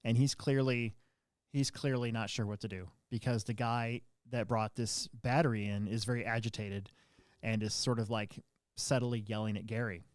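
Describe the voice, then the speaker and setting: A man's voice: fairly low pitch, moderate pace, no echo. A man hosting a podcast, telling a story in casual chat and acting out quotes in a raised voice. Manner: animated, acts out quotes in a raised voice. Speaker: podcast host.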